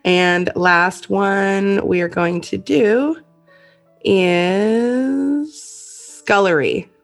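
A woman's voice: mid-range voice, very slow, creaky, faint music behind. Canadian lady hosting a podcast, chatty, giggles a lot. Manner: giggly, laughs often between phrases. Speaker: podcast host. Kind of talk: casual chat.

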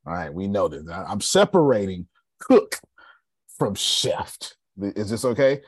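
A man's voice: on the low side, a little slow, slightly rough, dry recording. A man, giving a casual, joking sales seminar and checking in with his audience. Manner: animated, joking, asks the room for agreement. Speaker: sales coach. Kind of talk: casual seminar talk to a group.

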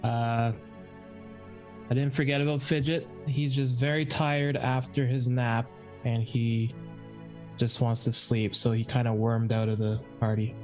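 A man player at a tabletop game who rambles through his jokes with hesitations. He speaks slowly at a mid pitch. Faint music plays behind him. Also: flat delivery, darkish tone. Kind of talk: casual chat at a game table.

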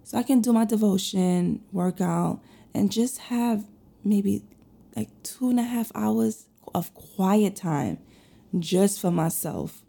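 Woman host, husky and gravelly, very dark tone, rambling casual chat, over a cold. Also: medium pitch, takes it slowly. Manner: candid, rambling, uses many fillers. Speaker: podcast host and lash artist. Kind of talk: casual personal chat to listeners.

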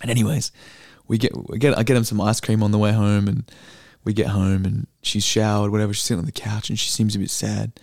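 A man's voice: on the low side, little pitch movement, fast talker, creaky, few pauses, darkish tone, dry recording, studio quality. A man in his twenties with an Australian accent, telling stories in casual chat, swearing freely and full of fillers. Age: 20s. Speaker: podcast co-host, actor and comedian.

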